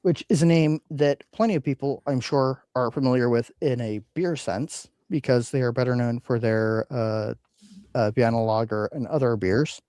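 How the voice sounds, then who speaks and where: A man's voice: mid-range voice, moderate pace, mellow, clean tone, dry recording. A man hosting a casual whiskey podcast, rambling with frequent ums and uhs. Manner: rambling, hesitant with many fillers. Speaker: podcast host. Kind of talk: casual chat.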